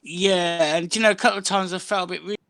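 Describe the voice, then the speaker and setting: A man's voice: high-pitched, steady tone, quick pace, a bit bright. A man, chatting casually and jokily as a guest on a live voice chat. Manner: slangy, jokey, laid-back.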